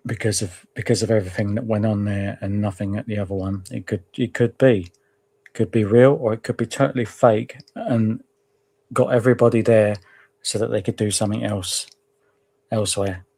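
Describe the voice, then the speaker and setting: Low raspy guy thinking out loud on a crime chat. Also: fairly even intonation, moderate pace. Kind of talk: casual discussion.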